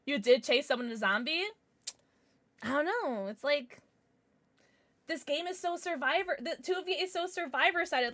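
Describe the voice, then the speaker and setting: A woman's voice: a little high, animated, moderate pace, pauses often, a bit bright, dry recording. Blunt, chatty young woman streamer. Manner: chatty, frank, talks straight to her viewers; blunt and irritable, swears. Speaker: game streamer. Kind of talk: casual livestream chat.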